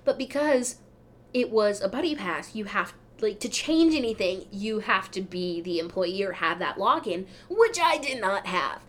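A woman hosting a podcast, telling a travel story in a casual, animated way, her voice jumping up when she gets excited. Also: mid-range voice, normal speed, a little hiss or hum. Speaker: podcast host.

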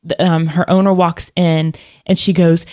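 A woman's voice: fairly low pitch, flat delivery, moderate pace. A woman telling a personal story in casual conversation, rambling with fillers and restarts. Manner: rambling, many restarts and fillers, laughs often.

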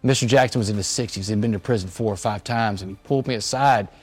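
A man's voice: fairly low pitch, fast, husky. A man, a motivational speaker earnestly telling a personal story. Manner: earnest, quotes others in their voices. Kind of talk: storytelling speech. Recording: faint music underneath.

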